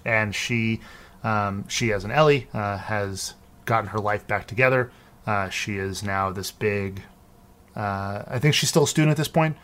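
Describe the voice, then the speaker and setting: A man's voice: on the low side, a little slow, fairly bright tone. A man casually recapping a movie on a podcast, talking loosely with lots of ums and restarts. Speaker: podcast co-host. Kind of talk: casual film recap chat.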